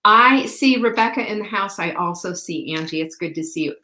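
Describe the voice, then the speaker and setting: A woman hosting a live show, chatting brightly and greeting viewers by name. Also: fairly low pitch, animated, fairly quick, slight background noise. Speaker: host. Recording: roomy echo.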